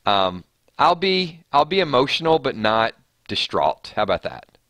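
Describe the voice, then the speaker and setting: A man's voice: mid-range voice, big pitch swings, normal speed, fairly bright tone, no echo. A man hosting a live stream, chatting casually and reading viewer comments aloud with frequent restarts.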